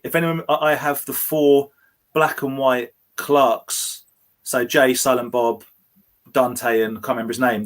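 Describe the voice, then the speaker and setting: A man co-hosting a casual toy livestream, telling stories in a rambling, animated way with many restarts. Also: medium pitch. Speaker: toy show co-host.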